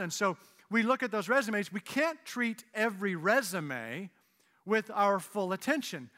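A man preaching a sermon as pastor, conversational and joking, then dropping into low solemn emphasis. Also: sharp tone, in a large hall. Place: church hall with audience.

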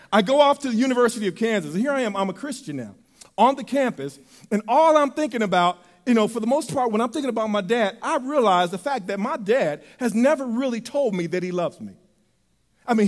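High-voiced preacher in a reverberant hall. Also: male voice, a little fast. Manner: animated, swings from loud to soft and intimate. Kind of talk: sermon.

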